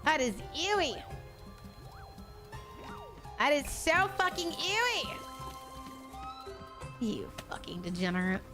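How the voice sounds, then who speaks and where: A woman's voice: sits high, big pitch swings, takes it slowly, long pauses, over music. A young woman streaming a game, chatting casually with over-the-top, profane outbursts. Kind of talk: casual game livestream chat.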